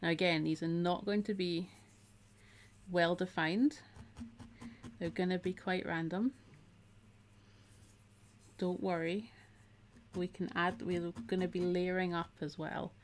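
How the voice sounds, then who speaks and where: A woman's voice: lowish voice, flat delivery, slow pace, long pauses, a little hiss or hum. A middle-aged woman, chatting casually while she teaches a craft on a live stream and reads out viewer comments.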